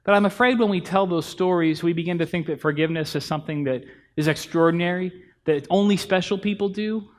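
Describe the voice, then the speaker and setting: A man's voice: high voice, quick pace. A pastor in his thirties giving a conversational sermon in a church, telling family stories and acting out bits of dialogue. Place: church sanctuary.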